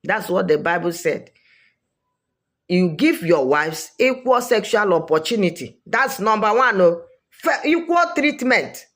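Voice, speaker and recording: A woman's voice: medium pitch, sing-song, measured pace, fairly bright tone. A woman with a Nigerian accent giving opinionated social commentary, emphatic and repeating her points for weight.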